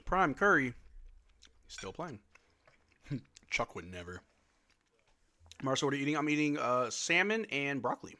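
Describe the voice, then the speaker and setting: A young man from Louisiana hosting a casual livestream, chatting and answering viewers' questions with quick laughs. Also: mid-range voice, big pitch swings, bright, forceful tone. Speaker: livestream host.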